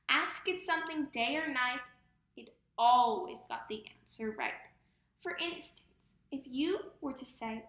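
A woman's voice: high-pitched, pushed and bright. A woman narrating a comic rhyming storybook in a playful, emphatic way. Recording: roomy echo.

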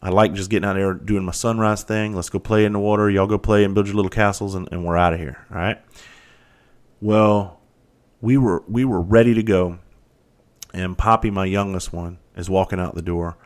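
A man's voice: low-pitched, fairly even intonation, normal speed. A man hosting a podcast, talking candidly in a rambling, profane monologue. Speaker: podcast host. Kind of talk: casual monologue.

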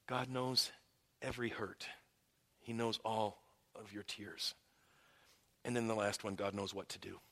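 Man preaching, hushed to emphatic. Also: mid-range voice, slightly rough. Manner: shifts between hushed and emphatic, with restarts. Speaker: pastor. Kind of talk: sermon.

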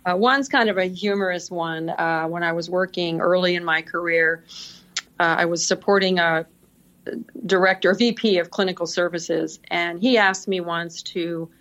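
A woman's voice: lowish voice, fairly even intonation, normal speed, a bit bright. Chatty laughing woman on a dull recording. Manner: chatty, laughs often while telling stories. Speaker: podcast guest, senior executive assistant. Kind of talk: casual interview storytelling.

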